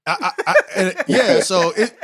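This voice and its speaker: A man in his forties hosting a casual podcast discussion, animated and quoting books at length. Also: high-pitched, moderate pace, vocal fry. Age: 40s. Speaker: podcast host.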